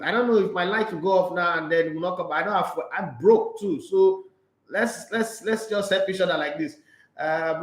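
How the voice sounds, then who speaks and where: A Nigerian man hosting a casual sports live stream, reading out viewer comments and answering in a blunt, animated way, slipping into Pidgin. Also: on the high side, roomy sound, poor audio.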